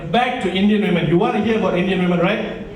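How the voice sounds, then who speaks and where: On a nightclub stage, a stand-up comedian from Malaysia plays to the crowd with quick, punchy delivery in a high voice, frequently slipping into low asides. The sound comes from far across a very echoey room, with a noisy crowd hum in the background.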